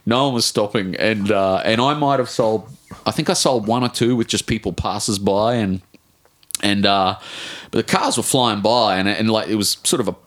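An Australian man in his forties, an author telling a rambling, animated story in a casual interview, swearing casually and restarting his sentences often. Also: lowish voice, normal speed. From Brisbane, Australia. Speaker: author guest.

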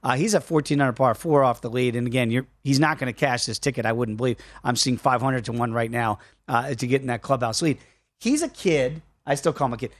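A man's voice: medium pitch, a little fast, no room sound. A man hosting a sports betting radio show, chatting casually in a rambling, jokey way and doing live ad reads.

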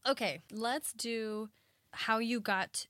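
A woman's voice: fairly high pitch, fairly even intonation, slow, a bit bright, no echo. A woman hosting a casual interview, giving short encouraging replies and steering the talk with questions. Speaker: podcast host.

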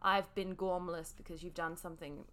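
A woman's voice: lowish voice, fairly even intonation, moderate pace, fairly bright tone. A woman co-hosting a casual podcast, hesitant with many ums, spelling words out. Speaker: podcast co-host. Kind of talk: casual chat.

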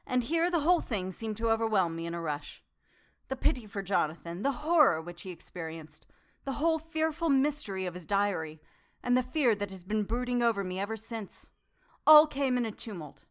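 A woman narrates a classic novel in the first person, keeping her reading measured and demure. Her voice sits in a middle register, neither high nor low. She takes on the heroine's own voice as she reads. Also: animated. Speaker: audiobook narrator.

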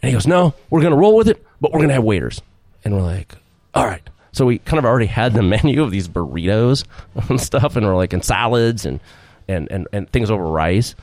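A man's voice: lowish voice, expressive, brisk, darkish tone, dry recording. A middle-aged man telling a long story in a casual interview, rambling, acting out quotes and laughing often. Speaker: restaurant owner, guest.

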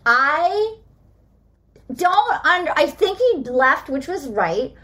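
Animated woman telling stories. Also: high-pitched, takes it slowly. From Australia. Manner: animated storyteller, quotes people in a lively way. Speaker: podcast co-host. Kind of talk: casual chat recapping a reality show.

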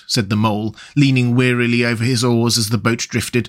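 A man reading a classic storybook aloud as narrator, calm, measured and gently expressive. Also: on the low side.

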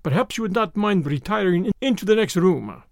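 A man's voice: high voice, animated, brisk, gravelly, dry recording, studio quality. A man doing a silky Russian schemer. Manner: soft, silky, turning hysterical.

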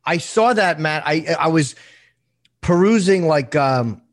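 A man's voice: on the high side, expressive, slow pace. A man co-hosting a casual chat, joking and easygoing. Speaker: podcast co-host.

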